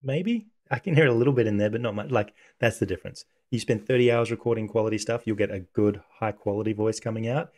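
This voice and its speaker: A man hosting a casual coding tutorial, talking through software on screen in a relaxed, conversational way. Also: fairly low pitch, quick pace, hardly any pauses. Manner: relaxed, conversational, thinks aloud.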